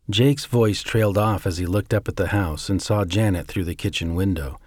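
A man reading a suspenseful story aloud in a measured way. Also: sits low, a little mellow, no echo, studio quality. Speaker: narrator. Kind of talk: scripted story narration.

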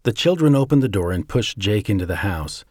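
Low-voiced male storyteller. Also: lively intonation, darkish tone, dry recording, clean studio sound. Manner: measured, suspenseful reading. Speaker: narrator. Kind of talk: scripted story narration.

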